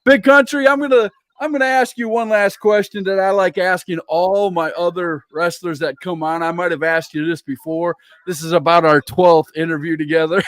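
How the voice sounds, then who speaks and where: A man's voice: sits high, steady tone, moderate pace, few pauses, fairly bright tone, no echo. A man hosting a casual interview, reeling off upcoming events with enthusiastic, catchphrase-heavy promo patter. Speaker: interview show host.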